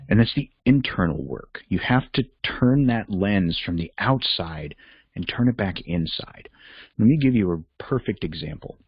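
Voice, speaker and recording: A man's voice: deep voice, breathy edge, no room sound, dull audio. A man hosting a reflective self-help talk, candid and conversational, thinking aloud as he goes. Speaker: podcast host and life coach.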